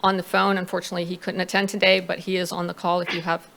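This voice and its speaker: A woman's voice: fairly low pitch, flat delivery, rapid-fire, vocal fry, a bit bright, a little hiss or hum. A woman consultant presenting to a planning commission, reading out figures with a few fillers. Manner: reads out figures, with some fillers.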